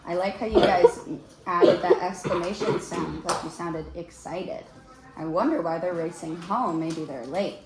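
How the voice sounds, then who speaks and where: A woman teacher leading a small-group reading lesson, patient and encouraging, slowing down to explain letter sounds. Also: fairly low pitch, roomy sound, over loud music. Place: classroom.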